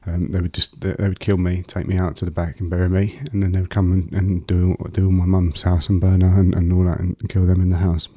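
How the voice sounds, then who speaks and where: Deep, flat-voiced man recounting his past. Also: dry recording. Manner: halting, many fillers and restarts. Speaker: guest. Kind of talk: personal storytelling in an interview.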